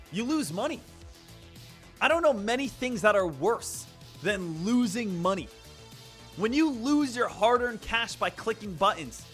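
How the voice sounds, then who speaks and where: On a live stream about trading, a man with a high, bright voice lectures his viewers emphatically. He drives his points home through repetition while faint music plays underneath.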